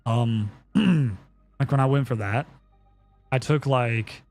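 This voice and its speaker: A man's voice: mid-range voice, takes it slowly, vocal fry, a little mellow, faint music behind. A young man chatting casually on a live stream, telling a story in a rambling way with lots of fillers and swearing.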